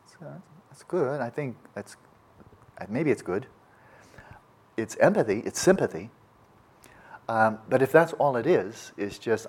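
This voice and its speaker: A man with a fairly low voice gives a reflective meditation teaching. He talks thoughtfully, often breaking off and restarting his sentences as he works through an idea. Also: expressive, moderate pace, pauses often, slightly rough. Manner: acts out quoted voices. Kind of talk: reflective dharma talk.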